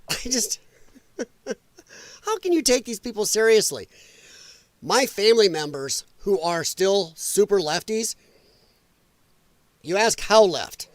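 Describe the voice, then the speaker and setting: A man's voice: high-pitched, no room sound. A male livestream host giving blunt, mocking political commentary with a casual, ranting delivery.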